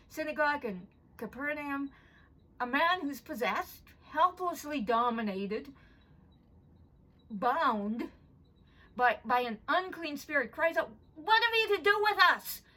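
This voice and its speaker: A woman's voice: high voice, a bit bright, rough recording. A woman pastor preaching a sermon in an earnest, emphatic way, repeating phrases for stress.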